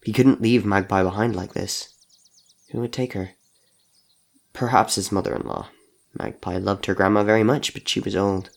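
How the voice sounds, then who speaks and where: A man narrating an audio drama in a measured storytelling voice. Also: on the low side, steady tone, creaky.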